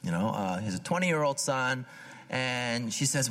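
A man's voice: mid-range voice, sing-song, a little slow, long pauses, a bit bright. A man preaching a sermon in a casual, conversational way, often repeating words and asking "right?". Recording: long hall reverb.

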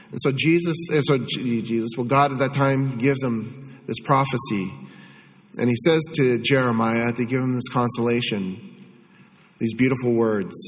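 A man preaches a homily to his congregation, speaking in a conversational, earnest manner and circling back to repeat phrases as he goes. His voice sits in a middle register for a man. The church around him adds a long, lingering reverb. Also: medium pitch. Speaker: Catholic priest. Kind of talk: sermon.

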